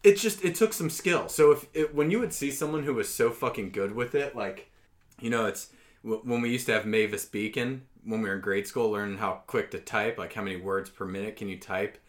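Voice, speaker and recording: A man co-hosting a casual podcast, animated and profane, breaking into loud mock voices. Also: fairly low pitch, brisk. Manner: animated, swears a lot, shouts mock voices. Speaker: podcast co-host.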